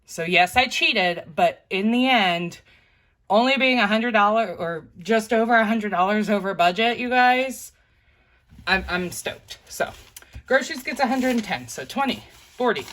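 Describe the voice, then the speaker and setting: A woman vlogging casually to her viewers, counting bills out loud and chatting about her budget, often saying "you guys". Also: medium pitch, expressive, measured pace. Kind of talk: casual talk to camera while counting cash.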